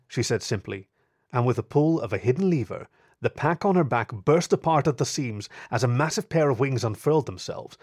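A man reading a story aloud in a calm, measured narration. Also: medium pitch, no room sound, clean studio sound.

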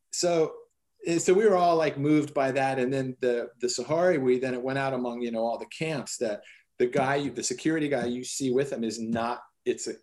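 Guy telling a story in an interview, earnest, gets animated, mid pitch. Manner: earnest, animated retelling with quoted dialogue. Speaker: guest telling a personal story. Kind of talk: conversational storytelling.

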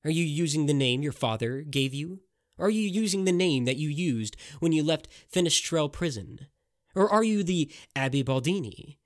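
A man's voice: a little high, lively intonation, lightly acted. A man doing a grim condemning captor. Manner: slow, condemning.

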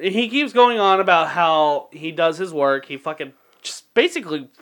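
Male podcast co-host, high bright voice, profane, laughs a lot. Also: animated, normal speed, a little hiss or hum. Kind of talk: casual podcast chat.

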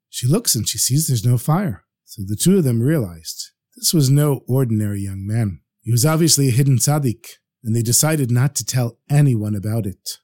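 A man narrating a spoken story with animated storytelling delivery. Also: medium pitch, normal speed, few pauses.

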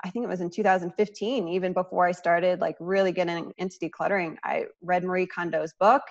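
A woman's voice: lowish voice, steady tone, fast talker, dull audio. A woman who coaches decluttering, speaking earnestly and reflectively as a podcast guest, with small laughs. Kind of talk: casual conversation.

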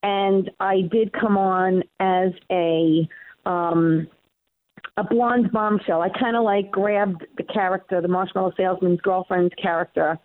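Speaking at a measured pace in a medium-pitched voice, a woman with a Queens, New York accent does a casual interview from home. She's a comedian and show host, chatty and animated with frequent fillers, and the dry audio sounds tinny, like a phone line.

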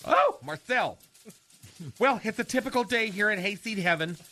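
A campy, theatrical gossip. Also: male voice, high-pitched, lively intonation, normal speed, pushed and bright. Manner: campy, sing-song, dramatic sighs. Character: flamboyant fussy middle-aged man, gossipy and theatrical. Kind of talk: comedy radio sketch.

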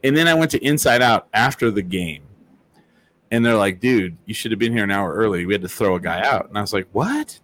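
A man hosting a casual chat. He tells stories in a lively, profane way and acts out what people said. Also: lowish voice, fast talker. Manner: animated, profane storytelling with acted-out quotes. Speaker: host.

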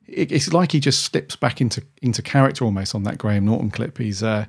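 Low-voiced man chatting casually. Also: animated, quick pace, gravelly, breathy edge. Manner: rambling, with many restarts and "dude". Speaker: podcast co-host. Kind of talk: casual chat.

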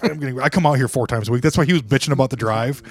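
A man's voice: mid-range voice, rapid-fire, breathy edge. A man co-hosting a podcast, joking crudely and bickering with his friends in casual chat. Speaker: podcast co-host.

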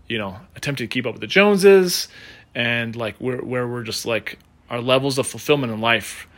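A man's voice: mid-range voice, sharp tone. Casual rambling male podcast host. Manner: casual and rambling, with many fillers. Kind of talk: storytelling monologue.

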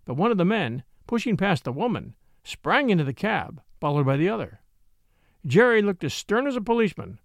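A man reads a classic story aloud with expressive, scripted narration. His voice sits high and moves through a wide, animated range. The sound is dry and close to the mic. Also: brisk, gravelly, dry recording. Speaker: audiobook narrator.

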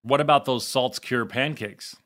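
A man at medium pitch with a bright, forward tone co-hosts a podcast in loose, joking chat. He rambles and swears, and sometimes shifts into a calmer podcast voice. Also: normal speed. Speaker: podcast co-host. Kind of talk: casual chat.

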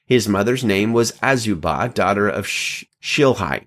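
A man reading scripture aloud at an unhurried pace, with occasional slips and self-corrections, lifting his pitch for quoted speech. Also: animated, a bit bright. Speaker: scripture reader.

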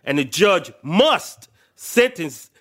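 A man's voice: high voice, very animated, slow pace, a bit bright. A man co-hosting a podcast, speaking bluntly and with plenty of swearing as he makes his point. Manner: blunt, profane, emphatic. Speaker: podcast co-host. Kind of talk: casual chat.

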